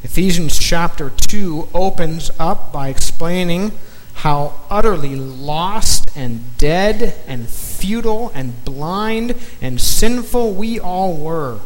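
A man preaching a sermon in slow, emphatic phrases, dropping to a near-whisper on key words. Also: on the high side, animated. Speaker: pastor. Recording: long reverb of a large hall, faint noise.

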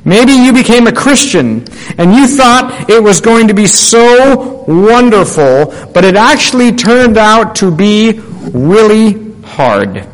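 A man's voice: sing-song, takes it slowly, in a large hall, low-quality recording. A man preaching a sermon, emphatic, rising on key words and asking listeners direct questions. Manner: emphatic, rising on key phrases, drops low at the ends of statements.

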